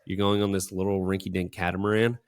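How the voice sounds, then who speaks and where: A young man with a somewhat low voice chats casually on a podcast. He tells a long story in a rambling way, full of fillers and restarts. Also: level tone, fast talker. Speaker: podcast co-host. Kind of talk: casual chat.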